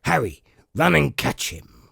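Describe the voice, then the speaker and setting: A man reading an audiobook, voicing a cunning one-legged sea cook in slow, emphatic, gruff pirate talk. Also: on the high side, sing-song, pushed and bright, no echo, clean studio sound, voice pushed up, heavily acted. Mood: gruff, commanding.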